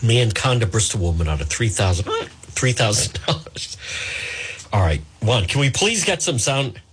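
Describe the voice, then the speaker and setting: A man's voice: fairly low pitch, big pitch swings, moderate pace, a bit bright, breathy edge. A male radio host, chatting live on air while fighting hiccups and apologizing with self-mocking humor. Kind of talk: live talk radio, casual.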